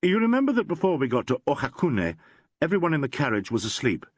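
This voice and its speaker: A man with a husky voice, reading the part of a calm police inspector in an audiobook, politely and patiently questioning a group. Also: fairly high pitch, fast talker, dry recording, voice pushed up. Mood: courteous. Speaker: inspector in a crime novel.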